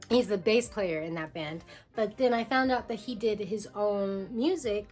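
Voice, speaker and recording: A young adult woman talks through her creative process in a loose, casual vlog style. She rambles with lots of fillers and breaks into quoted voices. Her voice sits a little higher than most women's, and faint music plays underneath. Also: expressive, normal speed. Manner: chatty, filler-heavy, jumps into quoted voices. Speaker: musician explaining her album. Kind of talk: casual to-camera talk.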